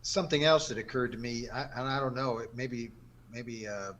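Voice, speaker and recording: Man, podcast panelist, relaxed, conversational, slightly halting, faint background noise. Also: medium pitch. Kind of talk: casual panel chat.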